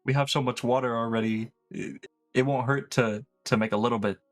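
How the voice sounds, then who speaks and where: A man's voice: medium pitch, steady tone, brisk, soft background music. Pushy, joking man at a game table. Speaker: player. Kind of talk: casual tabletop play.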